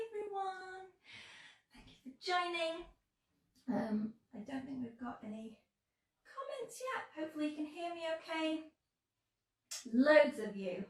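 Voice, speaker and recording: An English woman hosting a live-streamed sewing tutorial, chatty and upbeat, a little under the weather. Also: high-pitched. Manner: chatty and upbeat, greets viewers warmly. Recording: echoey room, mic at a distance.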